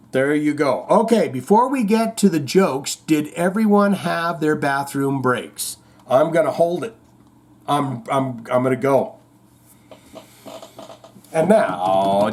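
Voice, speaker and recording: A man hosting a show in casual chat, rambling, reading out viewer comments and telling corny jokes. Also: a little high. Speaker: host.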